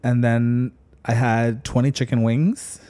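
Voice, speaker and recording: A man chatting casually with a friend and telling stories animatedly. He jumps into loud, high put-on voices when he quotes people. His tone is relaxed and talky. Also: slow. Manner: animated storyteller, acts out quotes loudly. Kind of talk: casual chat.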